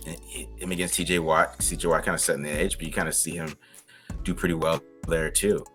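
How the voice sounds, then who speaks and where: A man's voice: a bass voice, steady tone, fast, a bit bright, soft background music. A man co-hosting a casual film-review chat, talking loosely with lots of restarts and laughs. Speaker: podcast co-host breaking down game film.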